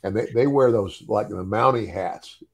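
A man's voice: on the low side, moderate pace, breathy edge. An older man and former wrestler telling a story in casual chat, chuckling often and repeating words as he goes.

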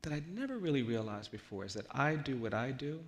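A man speaking as a guest lawyer at a public event, telling a personal story in an earnest, slow way that drops to a hush. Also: medium pitch, big pitch swings, in a large hall. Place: large event hall.

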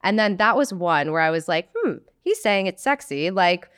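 A woman with a New Jersey accent hosting a podcast, expressive and drawing out her words in casual chat. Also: on the low side, moderate pace, smooth, no echo, clean studio sound. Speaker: podcast host.

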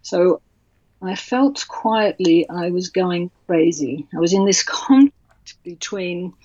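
A woman author telling a personal story in an interview, halting and emotional with many restarts. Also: lowish voice, lively intonation, mellow, no room sound. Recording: dull, dry sound.

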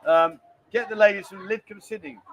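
A man's voice: high-pitched, fairly even intonation, moderate pace, a little hiss or hum, rough recording. A middle-aged man hosting a live stream, chatty and bantering as he rambles along. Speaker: livestream host. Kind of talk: casual live-stream chat.

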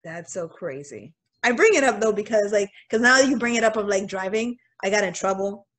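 Casual, animated storytelling from a young woman co-hosting a podcast. She talks in a relaxed conversational way, looping back with little fillers as she goes. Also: mid-range voice, fairly quick. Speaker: podcast co-host. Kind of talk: casual chat.

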